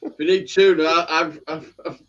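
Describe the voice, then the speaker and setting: A man's voice: on the high side, fairly even intonation, moderate pace, a bit bright. A blunt, jokey man who swears a lot while chatting on a live stream. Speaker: live stream panel guest. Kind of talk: casual banter. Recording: lo-fi call audio.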